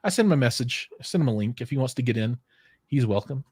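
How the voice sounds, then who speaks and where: A man hosting a casual livestream chat from home, joking and acting out quoted voices, talking into a boom-arm microphone. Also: lively intonation, quick pace, darkish tone, slightly rough, no room sound, studio quality. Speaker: livestream host. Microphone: headphones with a studio microphone on a boom arm.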